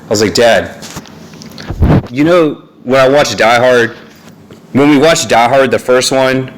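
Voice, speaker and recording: A man's voice: medium pitch, a little slow, noisy background. Rambling young man talking to his phone. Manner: meandering, with frequent fillers and asides. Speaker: vlogger. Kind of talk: rambling casual monologue to camera. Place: family home, indoors. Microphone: phone on a neck holder.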